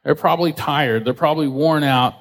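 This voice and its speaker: A man preaching a sermon in a casual, conversational way, acting out quotes with lively voices. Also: on the high side, a little fast. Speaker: pastor. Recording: reverberant hall.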